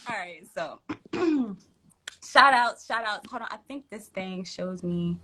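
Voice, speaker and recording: A woman's voice: medium pitch, very noisy. A woman hosting a tarot livestream from home, chatting casually in slang, laughing often and reading out viewer comments.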